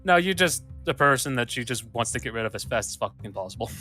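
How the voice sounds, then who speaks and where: A man's voice: medium pitch, lively intonation, fast talker, sharp tone, faint music behind. A man running a tabletop game as game master, casual and laughing, with frequent swearing.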